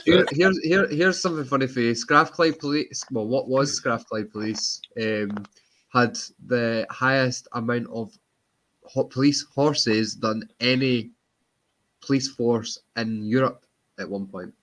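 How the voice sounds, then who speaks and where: A Scottish man in a casual group chat, giving quick, wry asides. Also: medium pitch, a bit bright. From Scotland.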